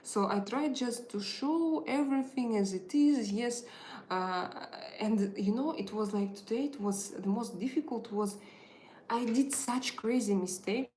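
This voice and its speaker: A woman's voice: fairly high pitch, measured pace, darkish tone, a little hiss or hum. A woman hosting a casual live tarot stream, speaking hesitantly with many filler sounds and non-native phrasing. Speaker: tarot reader and channel host. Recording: roomy echo.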